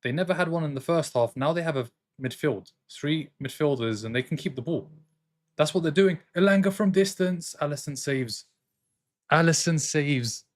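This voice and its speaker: Man, slightly higher voice, excitable, live football watchalong host, reacting and arguing with chat. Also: a little fast. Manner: excitable, jumps between commentary and arguing with chat. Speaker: streamer hosting a football watchalong.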